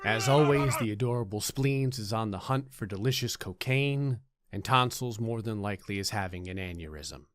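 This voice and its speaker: A man giving sarcastic, comedic commentary over a life-sim game, often jumping into silly high voices. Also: normal speed, faint music behind. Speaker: gaming channel host.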